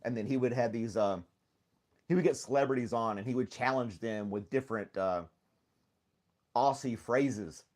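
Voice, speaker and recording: A man's voice: medium pitch, normal speed, long pauses, a little mellow. A man hosting a casual live stream from home, rambling easily, laughing often and greeting viewers by name. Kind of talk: casual chat with live chat readers.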